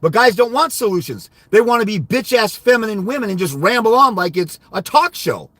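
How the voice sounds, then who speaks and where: A man's voice: high voice, expressive, fairly quick, sharp tone, no room sound. A man hosting a fathers' rights livestream, telling a story about a client in a heated, profane, insulting rant. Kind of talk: angry monologue recounting a client call.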